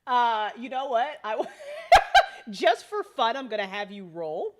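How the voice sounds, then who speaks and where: A woman game master runs a tabletop role-playing game, often laughing and swearing casually. Her voice sits a little high and swings widely in pitch. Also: very animated, measured pace, heavy background noise. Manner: laughing, loose and profane.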